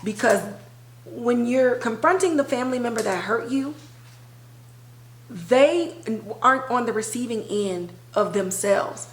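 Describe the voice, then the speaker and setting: A woman's voice: on the high side, animated, a little slow. Candid woman podcaster in an echoey room. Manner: candid, emotional, conversational with slang. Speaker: podcast host. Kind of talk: personal TV recap monologue.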